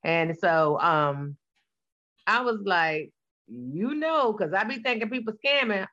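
A woman's voice: medium pitch, lively intonation, takes it slowly, a bit bright. Guest, woman in her forties, blunt and sassy, colloquial delivery, slightly dull recording. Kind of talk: casual conversation.

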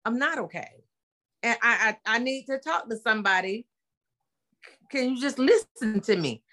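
Bright-voiced blunt middle-aged woman. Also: fairly high pitch, moderate pace. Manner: blunt, animated, slangy storytelling. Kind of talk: casual chat.

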